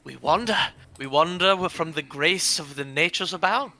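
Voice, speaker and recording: A man's voice: a little high, moderate pace, bright, forceful tone, a little hiss or hum. A man playing a courteous male wanderer who preserves lost knowledge, speaking in grand, formal phrasing. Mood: courtly.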